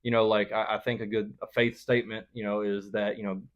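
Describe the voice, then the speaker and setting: A man on a church podcast who speaks earnestly and haltingly, with many "you know"s and "like"s. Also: on the low side, level tone. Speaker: podcast co-host. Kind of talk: casual faith podcast chat.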